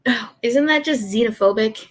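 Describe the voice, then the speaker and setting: A woman's voice: a little high, moderate pace. A woman hosting a livestream, chatting casually, teasing her guest and laughing often. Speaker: stream host.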